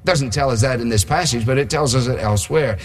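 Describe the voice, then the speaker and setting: A man's voice: medium pitch, fast. Conversational male preacher in a reverberant hall. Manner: conversational, asks the congregation rhetorical questions. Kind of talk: sermon.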